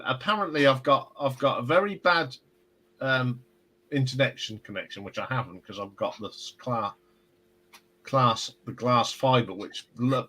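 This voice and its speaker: A man's voice: mid-range voice, sharp tone, low-quality recording. A man hosting a casual live stream, chatting and telling rambling stories. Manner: rambling, chatty storyteller with restarts. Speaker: livestream host.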